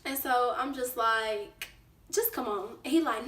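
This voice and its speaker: A woman vlogger telling a casual storytime, lively and acting out what people said. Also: on the high side, moderate pace, distant mic, a little hiss or hum. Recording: roomy echo, away from the mic.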